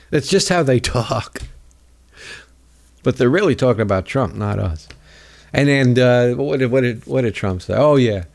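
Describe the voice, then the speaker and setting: A man's voice: medium pitch, expressive, measured pace, creaky, pauses often, darkish tone. Sarcastic rambling male talk host. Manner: sarcastic, rambling, mocking voices of opponents. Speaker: political talk show host. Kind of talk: casual political monologue.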